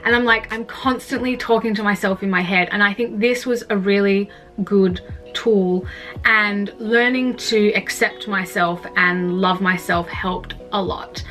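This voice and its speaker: A woman's voice: mid-range voice, fairly even intonation, measured pace, fairly bright tone, soft background music. A young woman talking candidly in a casual vlog, rambling with lots of "like" and some swearing. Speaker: vlogger. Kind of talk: candid personal vlog about mental health.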